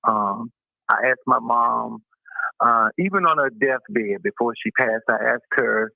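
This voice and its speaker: A man in his fifties, a deacon calling into a radio show, speaking hesitantly with many pauses and ums. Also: mid-range voice, creaky, no echo. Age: 50s. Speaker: caller, deacon. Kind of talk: call-in radio talk. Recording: tinny phone line.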